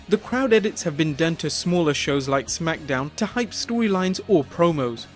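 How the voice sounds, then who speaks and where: Man narrating a countdown, slightly high voice. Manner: measured, reads numbered entries in an even explanatory tone. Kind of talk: scripted narration.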